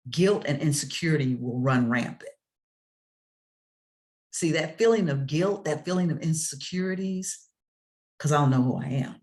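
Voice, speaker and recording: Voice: medium pitch, a little mellow. A motivational speaker in a preacher-like style, emphatic and rhythmic, repeating key phrases as refrains and calling out to the listeners. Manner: rhetorical, calls out to listeners.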